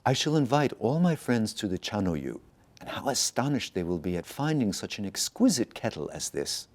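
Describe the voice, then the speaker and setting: A man's voice: fairly low pitch, big pitch swings, normal speed. A man voicing a fussy, drowsy old temple priest in a storybook reading. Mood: admiring. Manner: doubting, scolding.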